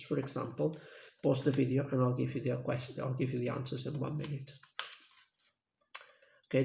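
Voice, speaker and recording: Man, English teacher, gravelly voice, echoey room, patient lesson recap. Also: mid-range voice, a little mellow. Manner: plain, patient classroom explaining.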